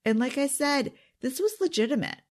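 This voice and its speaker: A woman with a high, animated voice speaks at a normal pace, offering an earnest, intimate self-help talk directly to her audience. She confides in them and occasionally drops to a whisper.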